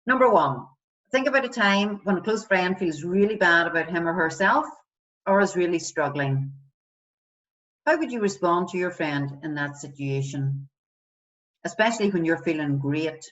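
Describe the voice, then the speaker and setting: A woman's voice: lowish voice, lively intonation, normal speed, fairly bright tone. A woman wellbeing coach guiding listeners through a self-compassion exercise, asking many questions and acting out example voices. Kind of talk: guided self-help exercise. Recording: distant, dull lo-fi sound.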